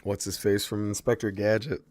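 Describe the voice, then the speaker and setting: A man's voice: fairly low pitch, flat delivery, fairly quick, darkish tone. A man casually chatting to his viewers while playing a horror game, swearing freely and answering chat. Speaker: streamer. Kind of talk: casual gameplay commentary.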